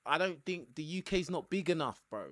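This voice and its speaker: A man's voice: a little high, fairly quick, no echo, clean studio sound. A man hosting a live call-in show, talking emphatically and tagging his points with "bro". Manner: animated, emphatic, tags lines with "bro". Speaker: YouTube caller-show host. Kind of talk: casual live call-in chat.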